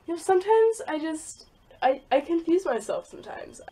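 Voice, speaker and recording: A woman's voice: very high voice, big pitch swings, normal speed, warm tone. A young woman vlogging casually, rambling and laughing at herself as she looks through old files. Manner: rambling, self-deprecating, giggly. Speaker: YouTuber. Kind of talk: casual vlog commentary.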